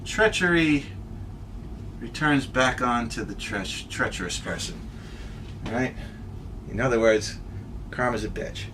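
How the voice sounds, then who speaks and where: Male tutor, bright forceful voice, emphatic drilling delivery, faint hiss. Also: mid-range voice, expressive. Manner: emphatic, repeats sounds slowly for drilling. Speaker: Irish language tutor. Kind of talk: pronunciation lesson.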